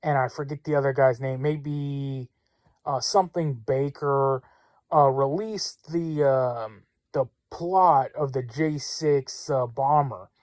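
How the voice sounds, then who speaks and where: A man riffs on current events in a loose, rambling monologue. He is blunt and opinionated and stops often to restart his sentences. His mid-pitched voice sits close and dry, with no room sound. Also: fairly even intonation, takes it slowly, darkish tone, no room sound. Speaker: political commentary host.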